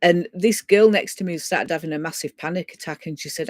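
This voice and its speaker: A woman's voice: on the low side, brisk, hardly any pauses, no echo. Woman chatting thru a spooky story, lots of restarts, dry close sound. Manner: animated, stumbling restarts, chatty. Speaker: guest sharing a ghost story. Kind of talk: casual live storytelling.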